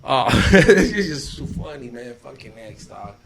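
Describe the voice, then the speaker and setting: A man's voice: medium pitch, very animated, measured pace, vocal fry, a crowd in the background. A young man hosting a casual podcast, talking in slang and dropping Spanish words while acting out quotes. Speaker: podcast host. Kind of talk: casual stoned podcast banter.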